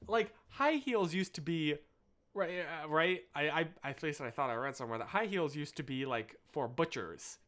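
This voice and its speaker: A man's voice: a little high, fairly bright tone. Rambling young American man streaming live. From United States. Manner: rambling, self-interrupting, apologetic asides. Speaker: livestream host. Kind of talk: casual chat with live viewers.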